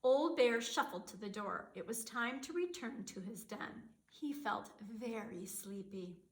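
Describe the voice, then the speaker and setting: A woman librarian reading a children's picture book aloud with expressive storytelling. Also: mid-range voice, a little slow. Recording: roomy echo.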